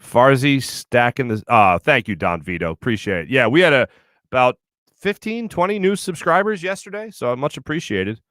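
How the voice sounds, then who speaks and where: Reading viewer comments in a casual studio chat, a sports radio host in his thirties laughs often and drifts into long stories. He speaks at normal speed in an expressive, medium-pitched, slightly bright voice, with clean studio sound and no echo.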